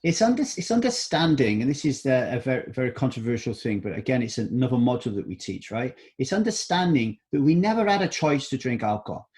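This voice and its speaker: A man's voice: mid-range voice, expressive, fast talker, few pauses, darkish tone. A middle-aged man speaking as a guest in an interview, talking emphatically and often checking in with "right?". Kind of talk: interview conversation.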